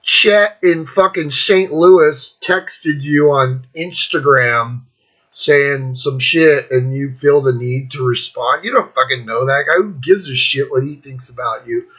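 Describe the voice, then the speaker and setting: A man's voice: mid-range voice, measured pace, fairly bright tone, husky, dull audio. A man in his fifties hosting his own show, ranting bluntly and mockingly, swearing freely and laughing often. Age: 50s. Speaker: podcast host. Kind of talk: profane rant.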